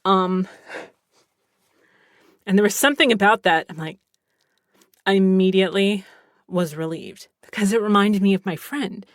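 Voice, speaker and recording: A woman podcast host telling a personal story in a chatty, animated way, acting out what others said. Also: mid-range voice, moderate pace, long pauses, no echo, clean studio sound. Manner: chatty, animated, quotes others, swears casually. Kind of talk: casual storytelling.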